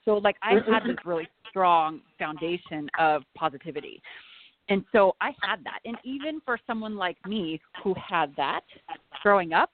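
A woman's voice: lowish voice, animated, moderate pace, no echo. A woman in her forties, a guest in a casual chat, talking candidly, swearing freely and laughing easily. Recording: tinny phone-like line with faint noise.

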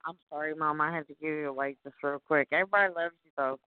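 A woman with a Southern US accent, co-hosting a casual call-in radio show and rambling through animated stories with some cursing. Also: low-pitched, fast, no room sound. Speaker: co-host. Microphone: phone. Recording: tinny phone line.

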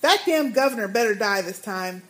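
A woman co-hosting a casual fan podcast, reading listener emails aloud and adding her own lively asides. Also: mid-range voice, fairly quick. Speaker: podcast co-host.

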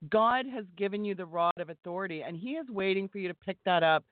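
A woman's voice: mid-range voice, fast, no room sound. A woman guest speaking in a fervent, exhorting, preaching style, heard over a phone line. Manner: emphatic, exhorting. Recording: tinny phone line, dry.

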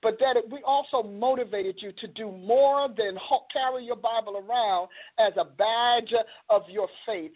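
A woman hosting a religious talk show, speaking with an animated, preacher-like cadence. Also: medium pitch. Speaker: host. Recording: phone-like band-limited audio.

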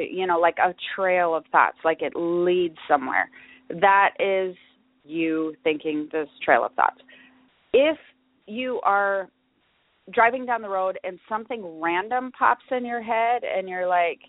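Her voice is on the low side and her pace measured as she hosts a podcast by herself. She discusses her topic conversationally, with fillers and restarts, on a dry recording that has a phone-like quality.

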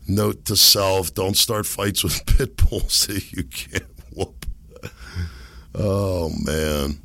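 A middle-aged man hosting a casual solo podcast from a home setup, rambling and laughing at his own jokes, his voice hoarse from being sick. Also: deep voice, extremely slow, pushed and bright, dry recording. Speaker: podcast host. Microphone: desk microphone.

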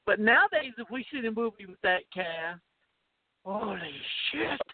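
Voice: mid-range voice, animated, moderate pace, dry recording. A podcast co-host talking about old films in a blunt, joking way, swearing often. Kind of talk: casual film chat. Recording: thin phone-like audio, dry.

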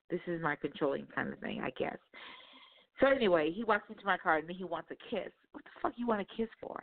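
Irritated woman on a phone line. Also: lowish voice. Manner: profane, exasperated, animated retelling. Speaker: caller telling a dating story. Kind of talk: casual storytelling on talk radio.

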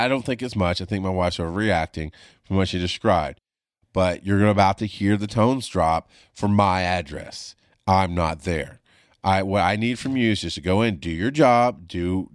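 Middle-aged male paramedic host, low-voiced, swears freely, animated storyteller. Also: dry recording, clean studio sound. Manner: animated, profane, voice jumps high when reenacting panic. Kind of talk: casual storytelling monologue.

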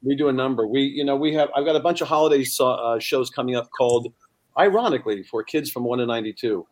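A middle-aged man talking in a loose, chatty way as a guest. He tells stories and jokes and slips into voices for the people in them. His pitch sits in the middle range for a man. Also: fast talker. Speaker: singer and guest. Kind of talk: casual chat with jokes.

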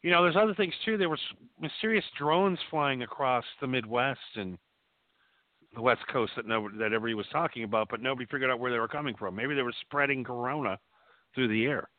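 A man's voice: medium pitch, fast talker, dry recording. Joking man on a tinny phone line. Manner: conspiratorial, joking, trails off. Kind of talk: casual chat.

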